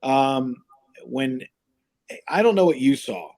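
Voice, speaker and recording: A man's voice: medium pitch, expressive, slow, a little mellow. A man hosting a live hockey show, ranting animatedly and incredulously in casual sports chat.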